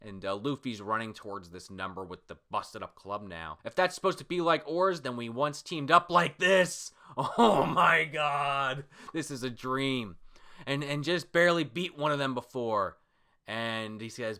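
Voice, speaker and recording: A man giving a casual reaction review of a comic, excitable, with swearing and lots of filler words. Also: mid-range voice, unhurried.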